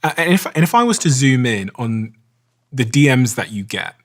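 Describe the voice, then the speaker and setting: A man hosting a podcast, asking long, probing questions at a measured pace. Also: mid-range voice, sing-song. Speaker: podcast host. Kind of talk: interview questioning.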